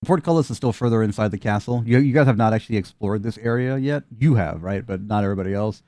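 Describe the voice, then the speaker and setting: A man's voice: on the low side, fast, dark tone, no echo, clean studio sound. A man narrating a tabletop game as game master, casual and laughing between lines.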